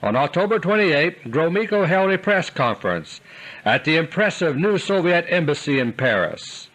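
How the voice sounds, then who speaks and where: A man delivering a scripted political commentary monologue in an earnest, deliberate way, slowing down for emphasis. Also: on the high side, very animated, fairly bright tone, rough recording. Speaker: commentator delivering a recorded audio letter.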